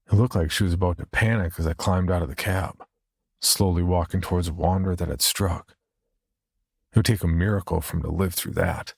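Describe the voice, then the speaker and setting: Deep husky guy reading a scary story, steady and measured. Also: no room sound, studio quality. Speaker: narrator. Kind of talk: first-person horror story narration.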